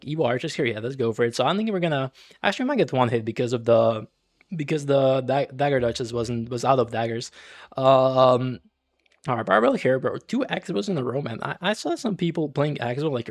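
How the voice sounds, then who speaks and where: A man's voice: medium pitch, dry recording. Young man, casual game commentary, slangy and rambling, dry close mic. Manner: laid-back, rambling, slangy, many fillers and restarts. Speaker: gaming channel host.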